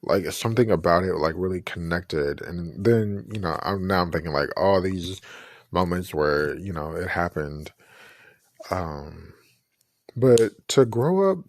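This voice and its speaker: A man's voice: low voice, dry recording. A man hosting his own podcast, talking earnestly and reflectively and often restarting his sentences. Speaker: podcast host. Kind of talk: personal podcast commentary.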